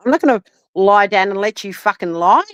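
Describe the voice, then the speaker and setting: A woman's voice: mid-range voice, expressive, brisk, no room sound. A woman, furious and swearing nonstop in a livestream rant, shaking with anger. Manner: furious, swearing constantly, repeating demands. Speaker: live streamer.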